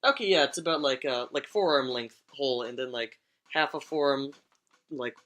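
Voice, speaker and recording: A man's voice: mid-range voice, normal speed, a bit bright. A young man telling stories on a casual podcast, rambling and swearing, often laughing as he talks. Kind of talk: casual storytelling chat.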